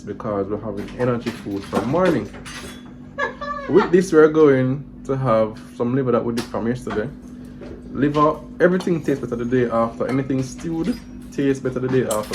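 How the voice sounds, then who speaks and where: A man's voice: medium pitch, poor audio. Jamaican man with heartfelt, preaching talk. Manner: heartfelt, preachy, repeats words as he stumbles. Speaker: vlog host, father. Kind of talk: casual vlog with a devotional message. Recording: guitar music playing behind him.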